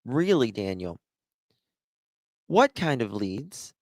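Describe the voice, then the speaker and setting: A man hosting a livestream, giving sarcastic, drawn-out commentary on a news clip. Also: medium pitch, sing-song, a little mellow, no echo, clean studio sound. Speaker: livestream host.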